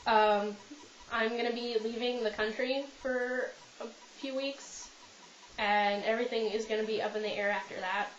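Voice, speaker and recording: A woman's voice: on the high side, fairly even intonation, normal speed, slight background noise. A young Canadian woman chatting casually to camera in a rambling, self-deprecating way, with many ums and restarts, at home. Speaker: vlogger. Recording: roomy, slightly muffled home video.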